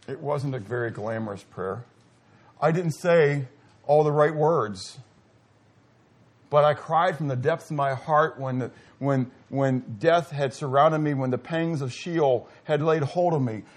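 Male pastor, middle-aged, husky, lively pitch swings, calls out questions to the congregation. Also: a little slow. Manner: swings from loud exclamations to quiet asides, asks the audience questions. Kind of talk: sermon.

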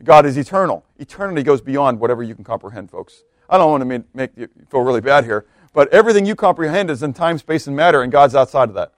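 A man's voice: mid-range voice, expressive, fast talker, hardly any pauses, no echo, studio quality. A male pastor giving a conversational sermon, often stopping to ask his listeners questions and reading scripture aloud. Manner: conversational preaching with repeated rhetorical questions.

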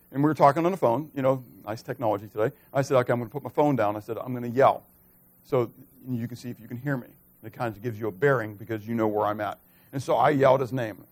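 A middle-aged man preaching a sermon, who swings from loud, emphatic stretches to soft, quiet asides and keeps asking the congregation questions. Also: a little high. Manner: conversational, asks the congregation questions. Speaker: pastor.

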